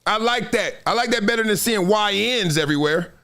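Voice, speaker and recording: A middle-aged man hosting a live sports talk show, animated and emphatic, often laughing. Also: high-pitched, fairly quick. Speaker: host.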